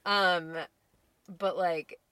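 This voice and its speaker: A woman's voice: fairly low pitch, fairly even intonation, drawn-out words, over a noisy crowd. A woman co-hosting a podcast in casual chat, chatty, laughing often, with many fillers. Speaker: podcast co-host.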